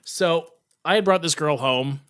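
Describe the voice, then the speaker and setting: A man's voice: on the high side, measured pace, fairly bright tone. A young man, telling rambling stories on a casual podcast, laughing often and restarting his sentences. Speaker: guest, show producer.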